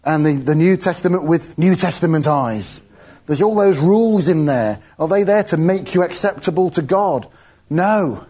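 A man's voice: a little high, lively intonation, moderate pace, warm tone, slightly rough. A man giving an informal, chatty sermon, often laughing between his points. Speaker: preacher.

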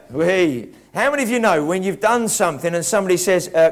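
Reflective preacher, fairly high voice. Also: male voice, big pitch swings, fairly quick. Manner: conversational, reflective, many restarts. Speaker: pastor. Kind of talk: sermon.

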